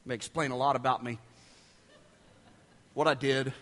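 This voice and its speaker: A man's voice: medium pitch, steady tone, normal speed, a bit bright. A male preacher giving a sermon, telling stories animatedly and acting out quotes in different voices. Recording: echoey hall.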